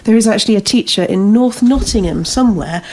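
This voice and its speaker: A woman, a club owner guest, telling stories quickly and teasingly, laughing as she goes. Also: medium pitch, mellow. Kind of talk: casual chat.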